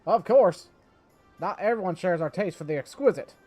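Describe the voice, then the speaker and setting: A man's voice: sits high, expressive, moderate pace, darkish tone, faint music behind, voice pushed up. A man doing a theatrical fishmonger. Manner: grand, theatrical storyteller delivery. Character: eccentric male fishmonger, theatrical and dreamy.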